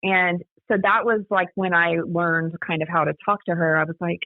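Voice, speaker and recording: A woman's voice: lowish voice, fairly even intonation, normal speed, few pauses, dry recording. A woman guest telling her story in a chatty, casual way, full of "like" and "you know", heard over a remote call. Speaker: guest, daughter of a scam victim. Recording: tinny phone-line sound.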